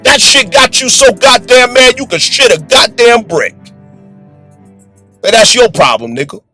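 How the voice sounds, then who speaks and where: A man delivering forceful, preachy commentary in a profane, combative way. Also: very high voice, lively intonation, unhurried, poor audio. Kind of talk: preaching commentary over music. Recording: music bed under voice.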